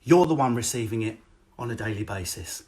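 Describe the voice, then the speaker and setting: Brash sweary male comedian. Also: mid-range voice. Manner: brash, rapid, sweary, animated. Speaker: stand-up comedian. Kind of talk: live-streamed stand-up set. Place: home, indoors. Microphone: phone or webcam.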